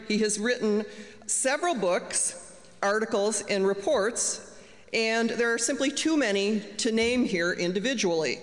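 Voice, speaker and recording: A woman reads a formal, prepared introduction as the event host. Her voice sits a little high for a woman. The long reverb of a lecture hall hangs behind her words.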